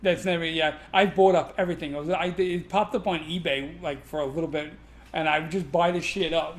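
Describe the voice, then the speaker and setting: A man's voice: high-pitched, quick pace. A middle-aged man, casually telling laughing, profane stories about his martial arts past. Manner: animated, laughing, profane anecdotes. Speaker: guest martial arts instructor. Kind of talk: casual storytelling chat. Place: martial arts school in New York City.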